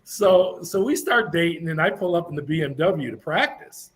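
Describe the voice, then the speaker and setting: A man's voice: fairly high pitch, moderate pace. A middle-aged man, a podcast guest, telling stories casually and acting out the other people's lines. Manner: animated storyteller acting out quoted voices. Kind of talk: casual storytelling.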